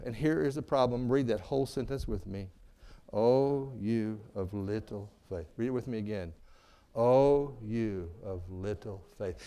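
A middle-aged man preaching a sermon, calling for amens and swinging from booming to hushed. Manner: preaching with call-and-response, asking "Amen?". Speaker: pastor.

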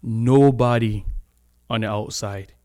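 A man's voice: medium pitch, fairly even intonation, takes it slowly, a little mellow. A man preaching a sermon in a church, talking in a loose conversational way, laughing often and stretching out the words he wants to stress.

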